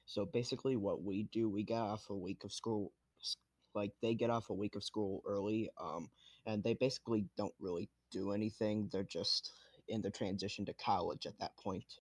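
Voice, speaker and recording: Low-voiced hesitant teen guy. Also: fairly even intonation, normal speed, dry recording. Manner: hesitant, with many "um"s. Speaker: chat participant. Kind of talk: casual group voice chat.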